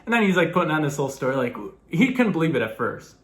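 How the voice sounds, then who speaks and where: Upbeat young man telling a story. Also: fast talker. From New York. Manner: animated, acts out the other people in the story with raised pitch, laughs often. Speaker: former college baseball player telling his story. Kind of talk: casual storytelling to camera.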